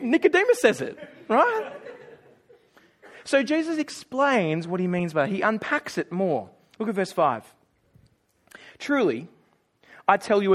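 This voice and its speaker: Middle-aged man, high voice, chatty pastor giving a sermon. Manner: conversational, self-deprecating humor. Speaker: preacher.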